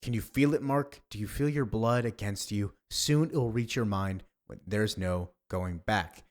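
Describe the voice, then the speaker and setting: A man's voice: lowish voice, a little slow, natural voice. A man voicing a menacing male villain who taunts in a theatrical way.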